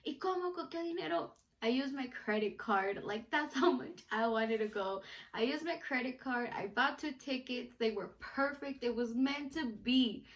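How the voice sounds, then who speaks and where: A young woman telling an animated story to camera in a casual vlog, filling her talk with "like". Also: on the high side, normal speed, hardly any pauses. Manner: chatty, animated, lots of filler "like". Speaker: vlogger.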